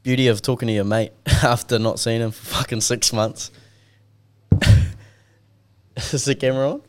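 A man's voice: mid-range voice, steady tone, moderate pace, smooth. A young man hosting a casual podcast, swearing freely and telling stories with acted-out dialogue. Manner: laid-back, swears a lot, tells stories with acted-out dialogue. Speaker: podcast host.

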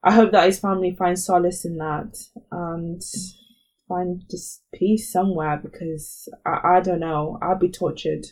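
A woman's voice: fairly low pitch, fairly even intonation, measured pace, darkish tone. A woman co-hosting a podcast, talking bluntly and animatedly in casual chat and laughing often. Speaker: podcast co-host.

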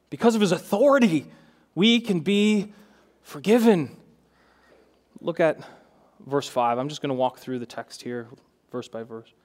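A young adult man, a pastor, preaching a sermon in an earnest way that rises to fervent emphasis. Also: on the high side.

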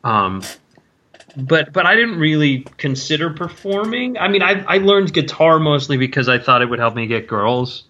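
Forties male actor guest, rambling chat, bright tone on a dull lo-fi recording. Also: on the high side, big pitch swings. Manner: rambling, halting, many self-interruptions and restarts. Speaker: guest, stage and screen actor. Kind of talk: casual interview chat.

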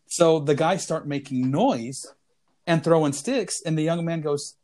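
A man's voice: a little high, moderate pace, darkish tone. A man co-hosting a podcast, telling a funny story in casual chat and laughing through his punchlines. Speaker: podcast co-host.

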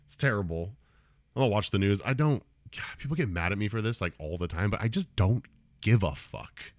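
A man's voice: on the low side, lively intonation, fairly quick, no echo. A man in his thirties hosting a solo comedy podcast, ranting casually with lots of swearing and laughter. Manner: profane, rambling, laughs often.

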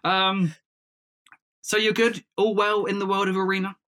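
Host: man, bright and forceful voice, playful, teasing banter. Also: high voice, little pitch movement, normal speed. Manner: playful, teasing, laughs often. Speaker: podcast host. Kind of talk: casual podcast banter.

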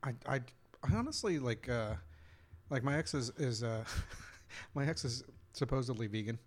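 A man's voice: medium pitch, animated, normal speed. A man co-hosting a casual comedy podcast, joking and rambling with many restarts. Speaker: podcast co-host. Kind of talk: casual chat.

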